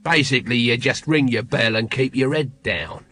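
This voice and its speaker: A man's voice: medium pitch, normal speed, fairly bright tone, dry recording, faint music behind, natural voice. A man doing a shifty, cynical old watchman. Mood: cynical, evasive. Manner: mumbling, rambling and evasive. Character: shifty seasoned male watchman, lazy and cynical.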